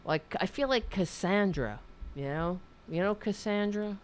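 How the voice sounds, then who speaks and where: A woman hosting a political talk show speaks bluntly and swears freely, often breaking off and restarting her sentences. Her pitch sits in the middle of the range but rises and falls with lively expression. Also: a little slow, a little hiss or hum. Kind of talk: casual political talk with a caller.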